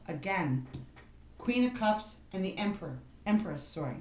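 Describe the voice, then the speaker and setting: A woman of middle pitch gives a tarot reading, encouraging and earnest, speaking straight to the listener. She circles back on her points and peppers them with "you know" and "right". The room around her voice sounds roomy and echoey. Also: big pitch swings, moderate pace, a little mellow, a little hiss or hum. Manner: repeats herself, with frequent "you know" and "right". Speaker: tarot card reader. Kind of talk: tarot reading for a star sign.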